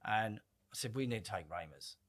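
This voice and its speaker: A man's voice: lowish voice, a little fast. Man telling stories, swearing. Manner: animated, swears freely, acts out quoted lines. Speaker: podcast guest. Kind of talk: casual storytelling.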